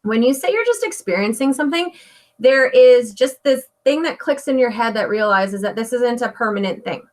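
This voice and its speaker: A woman's voice: fairly high pitch, lively intonation, moderate pace, a little mellow. A woman co-hosting a casual spiritual chat, speaking earnestly and reflectively in full sentences. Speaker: podcast co-host.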